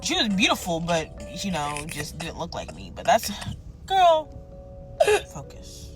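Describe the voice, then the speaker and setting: A woman's voice: sits low, wildly swooping pitch, moderate pace, fairly bright tone, faint music behind. A woman telling a personal story in casual story-time style, blunt and rambling. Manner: blunt, rambling, acts out quoted voices. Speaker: storyteller in a played clip.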